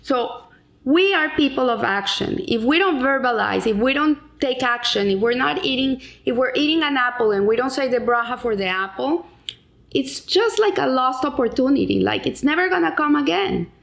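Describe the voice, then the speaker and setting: A woman's voice: sits high, expressive, moderate pace, gravelly. A middle-aged woman explaining a weekly Torah lesson in an earnest way, with frequent restarts and Hebrew terms. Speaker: Torah teacher.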